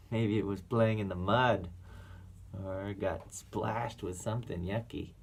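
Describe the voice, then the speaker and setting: Guy reading a kids picture book real slow, playful, makes animal noises. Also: lowish voice, fairly even intonation. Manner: slow, playful, animal sounds and soft whispers. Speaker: reading teacher.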